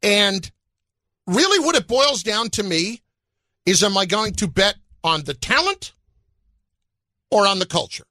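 Animated bright-voiced sports talk man. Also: high voice, unhurried, pauses often, no echo, clean studio sound. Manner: animated, building arguments. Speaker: sports radio co-host.

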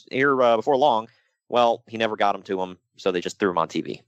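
A man co-hosting a casual podcast chat, animated and jokey, slipping into mock voices. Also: medium pitch, brisk, no echo, lo-fi sound. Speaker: podcast co-host.

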